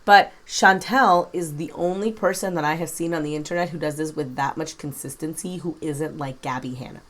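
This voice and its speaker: A woman with a slightly low voice delivers reaction commentary. She speaks bluntly and frankly and swears freely. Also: a little fast, a bit bright. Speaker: commentary YouTuber.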